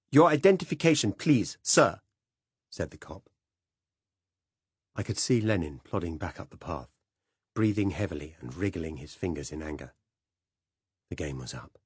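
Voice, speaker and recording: A man narrating an audiobook in a measured, dramatic first-person telling. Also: low-pitched, a little mellow, husky, no room sound, studio quality.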